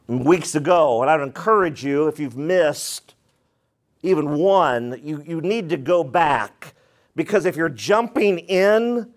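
Male pastor, high voice, emphatic expository preaching, talks right to the congregation. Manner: emphatic, repeats phrases for weight; addresses the congregation directly. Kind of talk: expository sermon.

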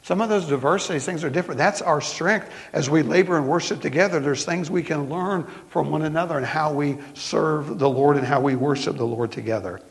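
A middle-aged man with a Southern accent, preaching a sermon as pastor in folksy storytelling style, slowing down for emphasis. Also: fairly high pitch, creaky. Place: church sanctuary. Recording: long hall reverb.

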